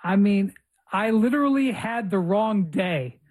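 A man's voice: sits high, expressive, a little slow, a little mellow. A man hosting a podcast in casual chat, telling a rambling story with self-mocking humor. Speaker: podcast host.

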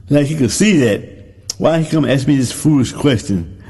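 A man's voice: medium pitch, expressive, moderate pace, a little mellow, slightly rough. A man preaching a sermon, retelling a story in a folksy way and repeating phrases for emphasis. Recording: long hall reverb.

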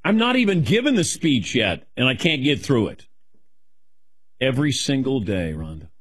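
A middle-aged man taking questions as a guest, rambling in a self-deprecating, animated way. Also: mid-range voice, normal speed, breathy edge, dry recording. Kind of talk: casual rambling chat.

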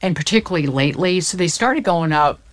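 A woman's voice: on the low side, animated, fast. A woman from the Southern United States explaining the economy in casual chat, packed with figures, often restarting mid-sentence. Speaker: economics commentator.

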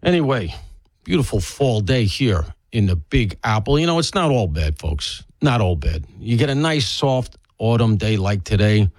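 A man's voice: on the low side, big pitch swings, normal speed, dry recording. A man hosting a talk radio show as a fill-in, rambling with wry, self-deprecating humor and sounding congested from allergies. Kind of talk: conversational talk radio monologue. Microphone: studio broadcast microphone.

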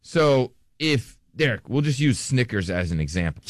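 A man's voice: mid-range voice, very animated, normal speed, dry recording, studio quality. A man hosting a radio show, chatting casually and joking, often trailing off and restarting. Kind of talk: casual chat.

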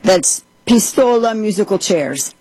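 A woman hosts a talk radio show in a husky, mid-pitched voice. She sounds dry and close to the mic. She reacts with wisecracks and emphatic warnings. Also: expressive, measured pace, mellow, dry recording, poor audio. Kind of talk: casual on-air chat.

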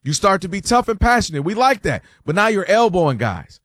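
A man hosting a sports talk show, arguing his point in casual debate and acting out quoted fans and players in a higher voice. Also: sing-song, fairly quick, fairly bright tone, dry recording.

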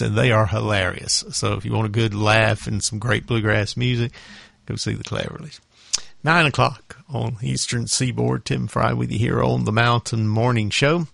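A man hosting a morning radio show, chatting in a relaxed, folksy, easygoing way between records. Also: mid-range voice, gravelly, dry recording. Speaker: radio host. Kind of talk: casual radio chat. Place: radio studio.

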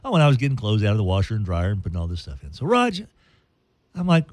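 Animated male radio host telling a story. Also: lowish voice, quick pace, no room sound. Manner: animated, playful storyteller who puts on silly voices.

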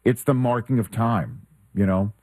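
Low-voiced sports radio host in his fifties. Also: unhurried, warm tone, dry recording. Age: 50s.

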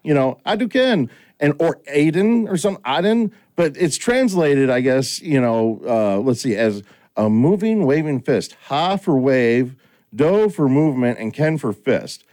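A middle-aged man chatting casually as a host, with a lively, swooping delivery. He tells stories and acts out the lines he quotes. His voice sits at an ordinary pitch for a man. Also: a little slow. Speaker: podcast host. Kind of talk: casual chat.

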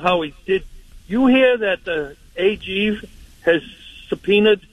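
A man calling in to a radio show, halting and chatty. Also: high voice, expressive, no echo. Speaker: caller. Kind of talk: casual phone call. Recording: tinny phone line.

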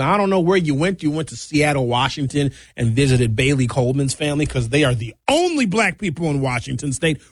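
A man's voice: fairly high pitch, no echo. Chatty, dry-sounding radio host man. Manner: chatty, drawn-out, animated storytelling. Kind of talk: casual talk-radio monologue.

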